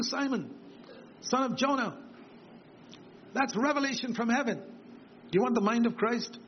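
A man preaching a sermon, emphatic and repetitive, lifting his voice for quoted words. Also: a little hiss or hum. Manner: emphatic, repeats key phrases, swings higher for quoted words. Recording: dull lo-fi sermon recording with faint ambience.

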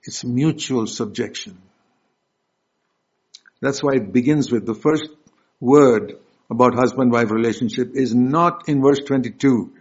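A man preaching a sermon, emphatic and direct, questioning his congregation, with loud stresses and soft asides. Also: mid-range voice, unhurried, slightly rough. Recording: dull lo-fi recording.

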